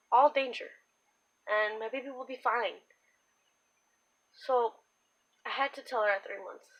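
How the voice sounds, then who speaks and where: A young woman telling her own story in a candid, halting way, with many pauses and fillers. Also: a little high, bright, forceful tone, rough recording. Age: young adult. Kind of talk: personal storytime monologue.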